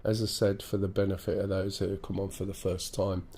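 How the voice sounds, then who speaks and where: A man's voice: low-pitched, level tone, brisk, mellow, a little hiss or hum. A man with an English accent and a stuffy nose from a cold, chatting through a live flight-sim stream, thinking aloud and greeting viewers. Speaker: game streamer.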